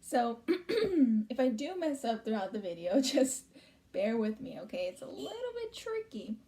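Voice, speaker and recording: A woman's voice: fairly high pitch, big pitch swings, unhurried, mellow. A woman teacher reading a storybook chapter aloud to her students, chatting between passages with many ums and likes.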